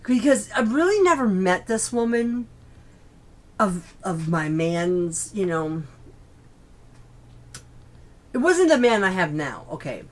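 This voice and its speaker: A woman's voice: mid-range voice, very animated, unhurried. A woman from Chicago telling a personal story in a casual, rambling way, with chatty asides like "okay?" and frequent restarts. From Chicago, USA.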